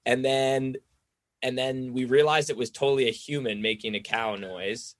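A man's voice: mid-range voice, steady tone, moderate pace, no room sound. Rambling man telling a story. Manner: rambling, says "like" constantly, acts out quoted voices. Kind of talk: casual storytelling chat.

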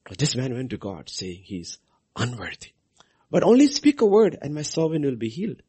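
A man preaching a sermon, repeating key phrases and swinging his voice from soft lows to loud highs for emphasis. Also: huge pitch swings, moderate pace, breathy edge.

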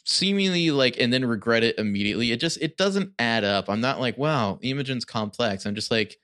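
A man's voice: mid-range voice, animated, a little fast, fairly bright tone. A man co-hosting a podcast, recapping a TV episode in loose, rambling casual chat full of restarts. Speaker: podcast co-host.

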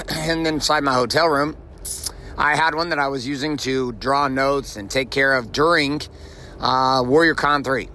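A man talks straight to his listeners from the driver's seat of a moving car, with the hum of the road behind him. His voice sits fairly high and rings bright and forceful. He is blunt and emphatic, swears freely, and hammers his points home by repeating them. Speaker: podcast host. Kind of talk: profane motivational monologue. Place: in his car while driving. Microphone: recorded while driving.

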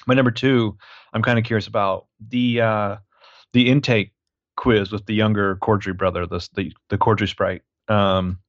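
A man co-hosting a casual film review chat, talking in a halting way full of fillers. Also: on the low side, fairly even intonation, no echo, dull audio. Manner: conversational, halting, frequent fillers. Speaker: podcast co-host.

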